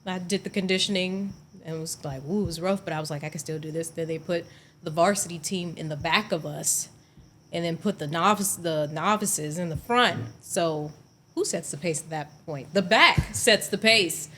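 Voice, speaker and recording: A woman guest on a podcast, telling stories in a lively, laughing way during a casual chat. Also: on the low side, normal speed, a little hiss or hum. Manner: animated storyteller, laughs often. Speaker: guest actress. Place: podcast studio.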